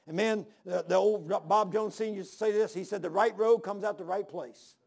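A preacher in his sixties gives a sermon in a high, gravelly voice full of vocal fry, a little mellow and a little fast. Folksy in manner, he leans on "man" and "ain't," and drives points home emphatically by repeating phrases and calling out amen and hallelujah.

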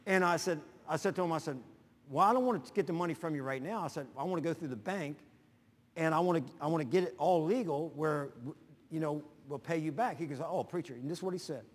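A man's voice: fairly high pitch, fast. A middle-aged male pastor preaching a sermon, telling a story folksily and acting out both sides of each conversation. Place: church sanctuary. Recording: long reverb of a large hall.

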